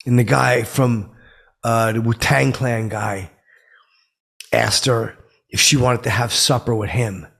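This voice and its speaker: A man doing a gravelly, huffy middle-aged grump. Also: medium pitch, fairly even intonation, slow, long pauses, a bit bright, full character voice. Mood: indignant. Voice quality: gravelly, husky. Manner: rambling, indignant, self-serious storytelling. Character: touchy self-important middle-aged man, easily offended. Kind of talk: comic character monologue.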